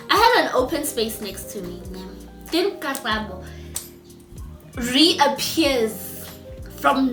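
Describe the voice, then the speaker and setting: High-voiced, animated woman. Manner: animated, chatty, talks straight to viewers. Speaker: vlogger. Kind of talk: casual storytime. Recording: echoey room with faint music.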